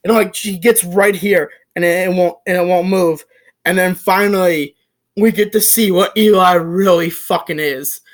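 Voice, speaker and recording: A young adult recapping a film in a casual, excited, rambling way, with frequent swearing, restarts and filler words. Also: medium pitch, normal speed. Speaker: movie reviewer. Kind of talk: casual spoken movie recap.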